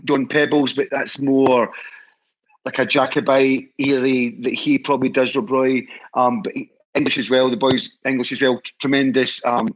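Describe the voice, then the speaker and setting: Scottish man, enthusiastic, rambling restarts, mid pitch, dull lo-fi sound. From Scotland. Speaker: guest, head of a historical society. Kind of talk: casual storytelling chat.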